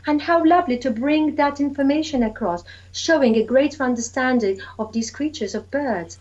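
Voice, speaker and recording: A woman's voice: high-pitched, animated, fairly quick, few pauses, dull audio. A woman early years educator chatting eagerly about reading to young children, acting out story voices and sounds.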